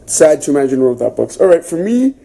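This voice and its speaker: Fast-paced and fairly high-pitched, with vocal fry, a young man leads a casual book club stream. He's chatty and easygoing, full of fillers, and reacts to the viewer comments he reads aloud.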